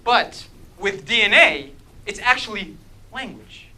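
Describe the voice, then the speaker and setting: At a measured pace, a man whose voice sits high runs a faith-focused group talk, quizzing listeners with "okay?" checks and playful asides. The apologetics session is lively, animated and humorous, but the audio quality is poor.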